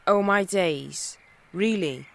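A woman's voice: on the low side, takes it slowly, vocal fry. An actress playing a young woman who is worried about a friend and speaks to him with care. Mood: concerned. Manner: worried, caring.

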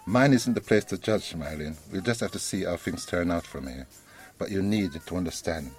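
A man playing a measured, principled friend. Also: sits low, close to an everyday voice. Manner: measured, earnest. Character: calm, principled male friend.

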